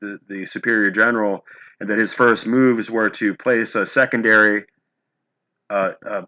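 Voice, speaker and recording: Low, bright-toned male interviewer. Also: steady tone. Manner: halting, searching for words. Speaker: host. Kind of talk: interview questions. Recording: dull lo-fi audio.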